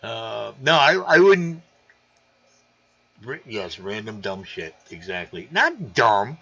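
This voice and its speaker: A man with a gravelly voice hosting a casual live stream, loose and excitable, reading viewer comments aloud. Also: on the low side, slow pace. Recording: dull lo-fi stream audio.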